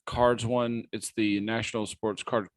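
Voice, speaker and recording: A man's voice: on the low side, flat delivery, a little slow, dry recording. A man co-hosting a podcast, chatting casually with friends in a teasing, exasperated way. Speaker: podcast co-host. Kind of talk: casual chat among friends.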